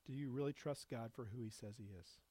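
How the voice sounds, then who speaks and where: A male pastor preaching a sermon, rising to loud emphatic passages and dropping back to soft, low reflection. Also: fairly quick, husky, no room sound.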